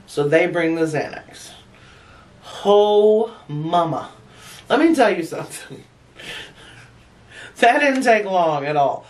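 A woman's voice: fairly low pitch, lively intonation, slow, pauses often, far from the mic. A woman vlogger spins a story to her viewers, laughing often and swearing without a filter. Her voice sits a little back from the mic. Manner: chatty and frank, laughing often, with blunt swearing. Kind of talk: casual storytelling to camera.

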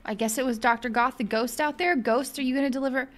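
A young woman giving excitable, chatty let's-play commentary as a gaming video host, thinking aloud as she plays. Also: high voice, quick pace, few pauses.

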